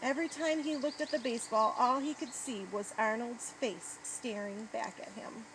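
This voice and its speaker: A woman reading a children's story aloud in an expressive storybook tone. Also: fairly high pitch, normal speed. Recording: noisy outdoor recording.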